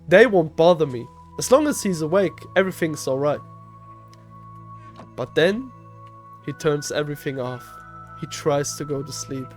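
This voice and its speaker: A young man vlogging a casual story in slangy, playful talk, speaking low and close to a desk mic in his bedroom. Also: a little mellow. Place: shared bedroom at home. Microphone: desk microphone up close.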